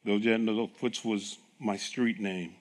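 This sermon comes from a middle-aged pastor whose fairly low voice takes its time. He brings his stories to life with acted dialogue and laughs often along the way.

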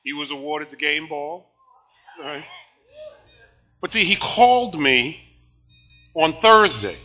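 An older man preaching a sermon, animated and laughing often, moving between shouted praise and quiet storytelling. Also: fairly high pitch, slow pace, soft background music, rough recording. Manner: laughs often while talking.

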